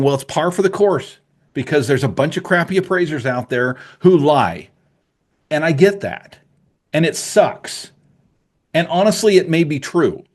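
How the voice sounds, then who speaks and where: A middle-aged man hosting a podcast, talking in a passionate, emphatic monologue with asides to his listeners. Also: mid-range voice. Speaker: podcast host, appraisal coach.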